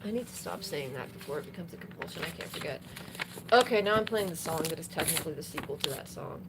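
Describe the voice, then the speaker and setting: A woman singer-songwriter speaks fast with a low-sitting voice and lively intonation, chatting casually between songs on a live stream. She rambles with many fillers while guitar plays, and background noise can be heard.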